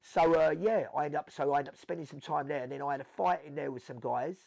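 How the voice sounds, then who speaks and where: Man, South London accent, gravelly voice, rapid speech, dry close sound, animated storytelling. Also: on the high side, no room sound. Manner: animated storytelling, acts out quotes, swears. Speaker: guest. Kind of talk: storytelling interview.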